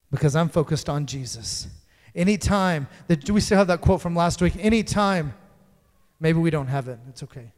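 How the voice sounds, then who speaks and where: Man, high voice, sermon, loud and hushed by turns, long hall reverb. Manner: dynamic, swings from loud to hushed. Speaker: preacher.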